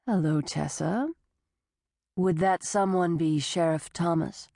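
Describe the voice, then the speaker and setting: A woman doing a calm, condescending male doctor. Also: on the low side, takes it slowly, gravelly, no room sound, voice pushed down, full character voice. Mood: clinical. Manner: calm, clinical, patronizing.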